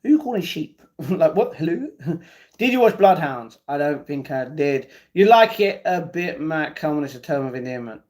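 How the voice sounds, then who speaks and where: A man's voice: on the high side, lively intonation, normal speed, darkish tone. Chatty man reading live chat. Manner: chatty, reads viewer comments aloud and banters back. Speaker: livestream host reading chat. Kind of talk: casual live-stream chat.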